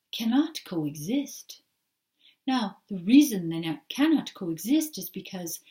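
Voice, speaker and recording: A woman channeling a patient, genderless spirit that speaks as "we" and explains its ideas in a calm, unhurried way. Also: fairly high pitch, recorded from a distance. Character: gentle collective spirit, genderless, patient teacher. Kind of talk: trance channeling talk.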